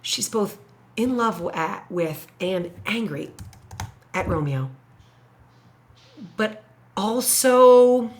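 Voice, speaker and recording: A woman teacher thinking out loud as she writes an essay paragraph, musing, hesitating and correcting herself as she goes. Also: mid-range voice, animated, very slow, pauses often. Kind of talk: thinking aloud while writing an essay paragraph.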